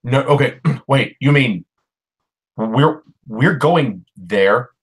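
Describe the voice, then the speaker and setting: A man's voice: medium pitch, lively intonation, drawn-out words, breathy edge. A man playing his character in a tabletop game, nervous and fussy, stammering and repeating words. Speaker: player.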